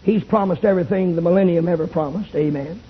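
A Baptist preacher, shouting a fiery revival sermon in a tent and calling for amens. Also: male voice, high voice, quick pace, breathy edge. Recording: tinny lo-fi old tape recording.

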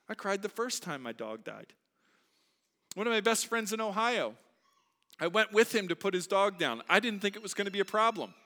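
A man preaching a sermon as a pastor, moving between quiet reflection and loud, emphatic delivery. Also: high voice, expressive, normal speed. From United States. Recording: long hall reverb.

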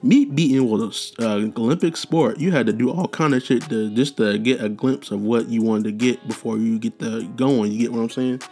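A young man spins rambling, profane stories from childhood in a loose casual monologue, full of slang and restarts. His voice sits at an ordinary middle pitch. Faint music plays underneath. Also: normal speed, few pauses, dark tone. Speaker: podcast host.

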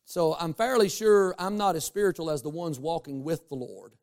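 A male pastor preaching a sermon, animated and humorous, with asides to the congregation. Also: on the high side, moderate pace, creaky.

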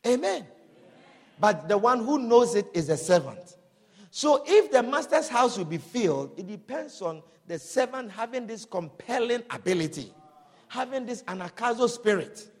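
A man preaching with a very high voice that leaps up and down as he drives each point home. He calls out amen and hallelujah between his lines, and his words ring with the long echo of a big hall. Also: very animated, normal speed. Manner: emphatic preaching with call-and-response amens. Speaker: pastor. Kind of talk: sermon.

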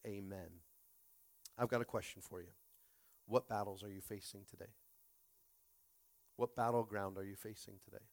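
A man's voice: lowish voice, steady tone, moderate pace, vocal fry, long pauses. A man preaching a Sunday sermon as pastor, stumbling over repeated words and rallying his listeners.

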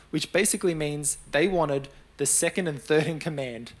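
A man's voice: on the high side, normal speed, few pauses. Chatty young man preaching a sermon. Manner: conversational, animated storytelling with acted-out quotes.

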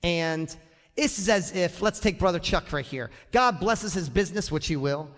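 Animated pastor guy, pretty high voice, talks right to the church, big reverby hall. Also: moderate pace. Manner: animated, acts out quoted voices, addresses the congregation directly. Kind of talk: sermon. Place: church sanctuary.

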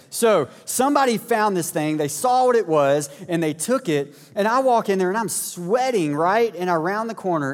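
A man, a pastor telling a family story in a sermon with lively asides to the congregation. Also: a little high. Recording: echoey hall.

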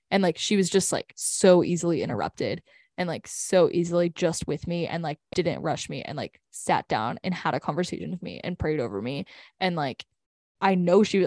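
A woman's voice: on the low side, fairly quick, a little mellow, dry recording. Rambling young woman, dry sound. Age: young adult. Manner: rambling, heavy use of "like". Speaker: podcast co-host. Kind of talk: casual faith chat.

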